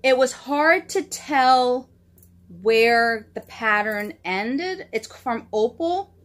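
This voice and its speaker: A woman's voice: fairly high pitch, drawn-out words, a bit bright. Female knitting podcast host, casual and chatty, gushing, self-deprecating. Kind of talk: casual show-and-tell chat.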